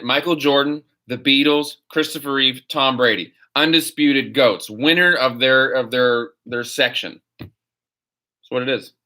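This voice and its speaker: A man's voice: mid-range voice, bright, forceful tone. A man hosting a live stream, answering viewer questions in a rambling, opinionated way. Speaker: host.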